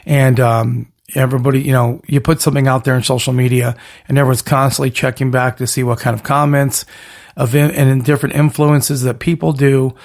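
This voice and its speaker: A man hosting his own podcast, rambling through an energetic monologue full of catchphrase lists and restarts. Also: medium pitch, a little fast, gravelly. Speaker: podcast host.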